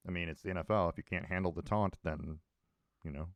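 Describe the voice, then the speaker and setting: A deep-voiced man talks sports with a co-host in a loose, rambling way, often restarting his sentences. The sound is close and dry, with no room echo. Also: fairly even intonation, quick pace. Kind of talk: casual sports talk.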